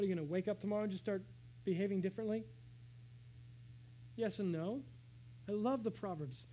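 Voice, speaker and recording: A man preaching a sermon, shifting between hushed, slow phrases and raised, emphatic calls. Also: high voice, poor audio. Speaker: pastor.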